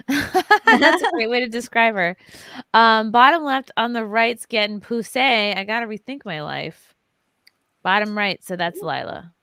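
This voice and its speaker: A woman's voice: on the high side, unhurried, no echo, poor audio. Woman host chatting, reading out fan gifts, voice jumps all over. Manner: gushing, animated reading out gifts. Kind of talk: casual chat reading viewer gifts.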